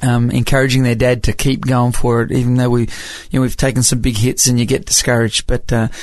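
A middle-aged Australian man from Papua New Guinea, his accent slightly tinged with American, is a music evangelist telling stories in an interview. Chatty and laughing as he goes, he restarts hesitantly often. His medium-pitched voice is flat, fairly quick and a little mellow, with no room sound.

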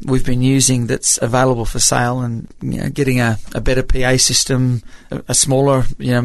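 A man's voice: mid-range voice, no room sound. A middle-aged Australian man with a slight American tinge to his accent, a music evangelist telling stories in an interview, chatty and full of restarts. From Papua New Guinea. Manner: chatty, hesitant restarts, laughs while telling. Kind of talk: storytelling interview.

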